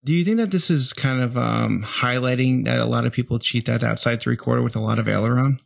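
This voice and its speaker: A man's voice: mid-range voice, a little fast, gravelly, no echo, studio quality. A man hosting a podcast, chatting casually and asking curious questions. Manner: laughs easily, relaxed and curious. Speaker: podcast host. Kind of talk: casual interview chat.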